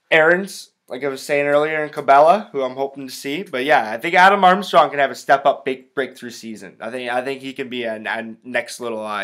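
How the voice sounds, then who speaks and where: A young man from the United States talks his way through a soccer preview on his own show, swearing freely and wandering off on tangents. His voice has a bright, forward edge, and his delivery is blunt and unpolished. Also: mid-range voice. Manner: profane, rambling, blunt. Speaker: podcast host. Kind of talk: casual solo sports commentary.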